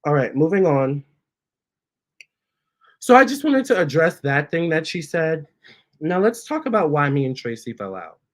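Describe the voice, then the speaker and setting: A man's voice: on the high side, sing-song, normal speed, pauses often. A man, a tarot reader, chatting casually on his livestream, reading viewer comments aloud and cooing at his cats. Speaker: tarot reader and channel host.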